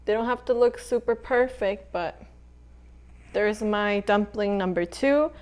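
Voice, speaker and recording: A young woman hosting a casual home cooking tutorial, chatting in a relaxed way while she cooks and eats. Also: mid-range voice, a little slow. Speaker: cooking channel host.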